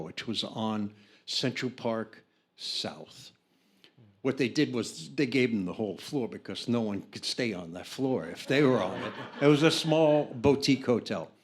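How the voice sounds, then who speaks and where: An older American record producer telling anecdotes in an interview, acting out the people in his story with lively changes of voice. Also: medium pitch, slightly rough. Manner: animated storyteller, acts out other people's lines.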